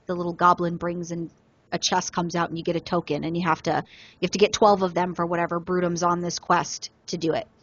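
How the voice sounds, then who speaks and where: Animated woman telling a gaming story. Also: lowish voice, fairly quick, no room sound, lo-fi sound. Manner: animated storyteller, acts out other players in quotes. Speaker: podcast co-host. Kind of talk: casual gaming podcast storytelling.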